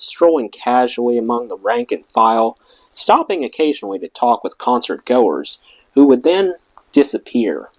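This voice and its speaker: Guy reading a memoir out loud, really animated pitch, dry close sound. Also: no echo, rough recording. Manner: expressive reading, acts out quoted lines. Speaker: audiobook reader.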